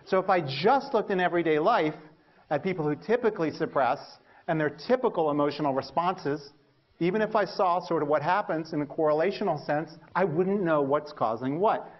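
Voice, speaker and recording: A male lecturer with a fairly high voice tells anecdotes about his early research in an animated style, mocking himself and acting out what he used to think. The recording sounds a little muffled. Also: brisk. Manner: animated storytelling, acts out his past thoughts; self-mocking humor. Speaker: university lecturer.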